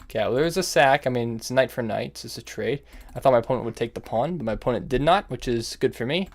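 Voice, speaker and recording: A young man talks through his chess games live, slangy and quick to call himself out. His voice sits at an ordinary pitch with a noticeable fry on it. Faint keyboard typing runs behind him. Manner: self-critical, thinks aloud, slangy. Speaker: chess streamer. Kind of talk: live-streamed gameplay commentary.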